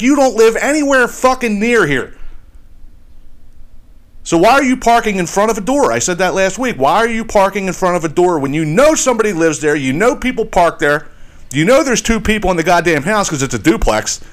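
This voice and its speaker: A man's voice: high voice, expressive, brisk. A man hosting a podcast, telling a story as a heated, profane rant that repeats itself as he talks. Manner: heated, swearing, repeats himself. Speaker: podcast host. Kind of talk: profane ranting monologue.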